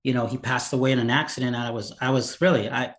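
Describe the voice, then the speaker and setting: A man telling stories in casual chat as a guest, animated and acting out the voices of the people in his stories. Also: medium pitch, fast. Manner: animated, acts out quoted dialogue. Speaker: podcast guest. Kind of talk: casual storytelling. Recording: roomy echo.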